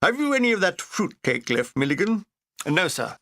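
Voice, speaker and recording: A man's voice: sits high, big pitch swings, moderate pace, fairly bright tone, no room sound, heavily acted. A man voicing a blustering, hard-drinking army major who barks brusque orders. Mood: genial. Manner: brusque, bossy officer bark.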